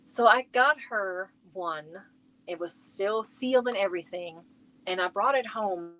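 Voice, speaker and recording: A woman's voice: mid-range voice, unhurried, sharp tone. A middle-aged woman chatting casually on her crochet livestream from home, rambling and talking to viewers by name.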